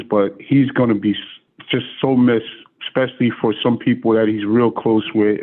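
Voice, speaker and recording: Caller, a man, halting and heartfelt, heard over a tinny phone line. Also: mid-range voice. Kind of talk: emotional tribute.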